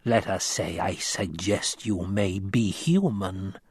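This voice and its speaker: A man voicing a menacing old woman who speaks slowly and commandingly, recorded dry and close. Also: low voice, husky, no echo, full character voice. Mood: stern, menacing. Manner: slow, stern, commanding. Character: menacing old female witch-like crone.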